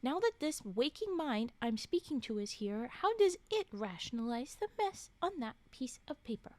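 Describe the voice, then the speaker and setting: A woman's voice: high voice, sing-song, normal speed, no echo. Woman reading as a probing woman professor. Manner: probing, earnest. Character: blunt, searching woman professor, concerned.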